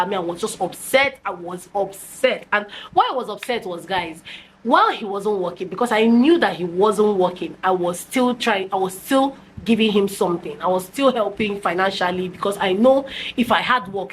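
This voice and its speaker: A Nigerian woman telling a personal story to her viewers in an animated, casual way, slipping into Pidgin with many restarts and fillers. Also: mid-range voice, slight background noise, poor audio. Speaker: storytime vlogger.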